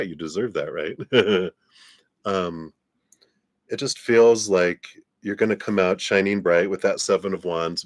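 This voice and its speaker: A man's voice: low-pitched, no room sound, studio quality. A man giving a live-stream tarot reading in a laid-back, rambling way, often laughing and trailing off. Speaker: tarot reader.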